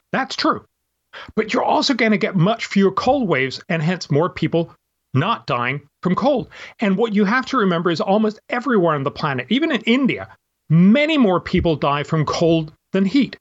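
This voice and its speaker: A man's voice: high-pitched, sing-song, normal speed, muffled recording. A man, an author and guest, explaining his view at length with examples and imagined quotes in an interview. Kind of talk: interview answer.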